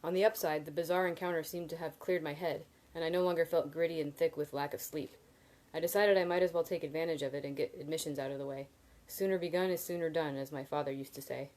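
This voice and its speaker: A woman's voice: deep voice, fairly even intonation, fast talker, darkish tone, low-quality recording. A woman reading a novel aloud on a live video, stopping now and then for casual asides to her viewers. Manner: casual asides between reading, laughs at comments. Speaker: reader.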